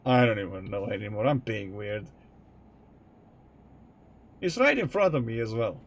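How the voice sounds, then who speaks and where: A man's voice: fairly low pitch, lively intonation, unhurried. A young man streaming live from home, chatting casually while he plays, rambling candidly and swearing freely as he thinks aloud. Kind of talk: casual live-stream chat while playing a truck game.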